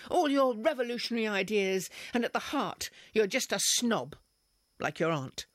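A man's voice: sits high, sing-song, normal speed, a bit bright, slightly rough, dry recording, clean studio sound, voice pushed up, exaggerated voice. A man voicing a young woman, a governess, who talks in a raised, strained and upset way. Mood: furious. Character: young female governess, furious and tearful.

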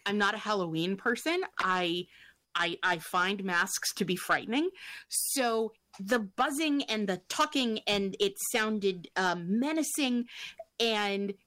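A chatty woman joins a casual panel talk, self-deprecating and quick to laugh. Her voice is close and dry, with no room sound at all. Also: medium pitch, fairly bright tone, no room sound.

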